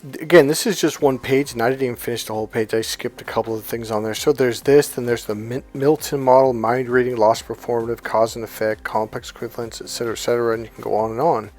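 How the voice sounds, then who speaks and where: A man's voice: medium pitch, a little mellow. Man coaching, acting out client quotes. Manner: conversational, acts out quotes of clients. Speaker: life coach. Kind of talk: casual teaching talk.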